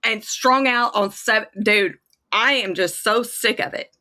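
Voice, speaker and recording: A woman's voice: on the high side, unhurried, bright, forceful tone. A woman angrily venting in casual chat, profane and worked up. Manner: angry, profane ranting. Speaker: kratom advocate on a livestream.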